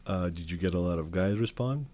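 A man's voice: sits low, a little fast, a little mellow. A man hosting a podcast, asking eager questions in casual chat, joking and often restarting his sentences. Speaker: podcast host.

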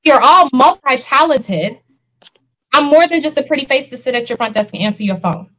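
A woman's voice: sits high, expressive, a little fast, a bit bright, low-quality recording. A woman co-hosting a casual panel discussion, talking earnestly and laughing often. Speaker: podcast co-host.

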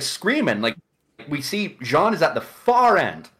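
A man's voice: medium pitch, unhurried. A middle-aged man co-hosting a casual chat, rambling through anecdotes and acting out the quotes. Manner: rambling storyteller with animated, acted-out quotes.

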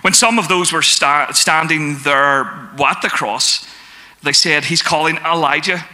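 A man's voice: fairly high pitch, a little slow, sharp tone. A man preaching a sermon to a congregation, asking them questions and reading scripture aloud. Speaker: pastor.

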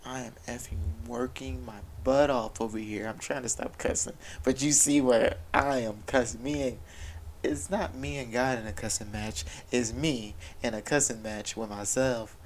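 A father with a steady, mid-range voice speaks at a normal pace, candidly recounting his faith and struggles with many restarts. The rough recording carries slight background noise.

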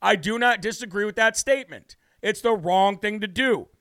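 A man's voice: sits high, moderate pace, a bit bright, no echo. An American man hosting a political talk show, brashly ranting and heatedly mocking officials with opinionated commentary.

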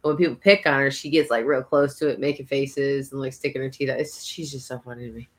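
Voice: mid-range voice, steady tone, fast talker. A podcast co-host in casual chat, laid-back and chatty, often laughing.

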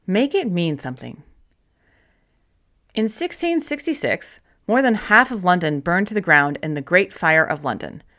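A woman narrating a self-help audiobook in a gentle, encouraging way, with slow, deliberate emphasis on key words. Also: fairly low pitch, sing-song.

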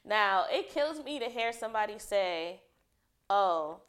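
Young woman cohost, kinda high voice, blunt and sweary, casual podcast chat. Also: expressive, normal speed, a bit bright, smooth. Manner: blunt and emphatic, swears freely. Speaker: podcast co-host.

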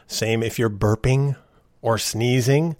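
A man's voice: medium pitch, takes it slowly, darkish tone, no room sound. A middle-aged man hosting a podcast, talking casually in an earnest, ranting way, on a close podcast mic. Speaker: podcast host. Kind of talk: casual monologue.

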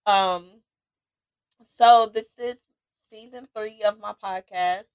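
Slow, reflective woman podcast host. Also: mid-range voice, fairly even intonation, clean tone, no room sound. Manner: slow, reflective, with restarts and laughter. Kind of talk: casual solo podcast talk.

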